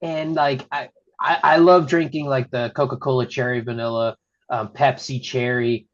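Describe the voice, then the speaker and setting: A man's voice: medium pitch, steady tone, normal speed, lo-fi sound. A man who works as a wrestling referee, chatting casually as a podcast guest and laughing often while he tells stories. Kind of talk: casual storytelling chat.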